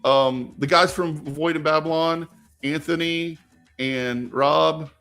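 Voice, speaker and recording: A man's voice: a little high, steady tone, slow pace, a bit bright, faint music behind. A man hosting a casual live stream while gaming, rambling with many fillers and turning emphatic when he argues.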